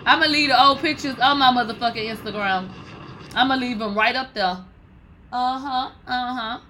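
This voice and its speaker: A woman in her thirties hosting a podcast, giving blunt, profane, animated gossip commentary. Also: fairly high pitch, moderate pace, a little hiss or hum, rough recording. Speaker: podcast host.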